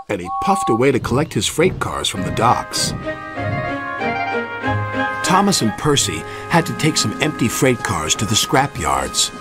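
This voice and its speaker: A man's voice: medium pitch, very animated, measured pace, over music. A man narrating a children's railway story expressively.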